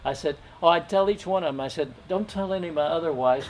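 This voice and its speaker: An older man telling a personal story at an open mic, gentle and folksy, chuckling now and then. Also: fairly high pitch, fairly quick, hardly any pauses, slight background noise.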